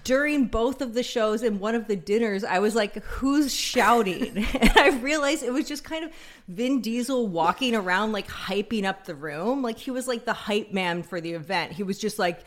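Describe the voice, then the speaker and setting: A woman's voice: medium pitch, animated, moderate pace. A woman co-hosting a podcast in casual chat, dry and witty, with lots of "like" fillers. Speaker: podcast co-host.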